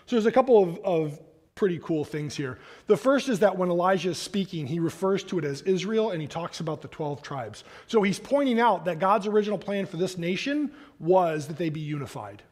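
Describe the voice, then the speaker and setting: A man preaching a sermon, reading scripture aloud and then explaining it in an animated, conversational way with casual asides. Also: sits high, brisk. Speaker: pastor.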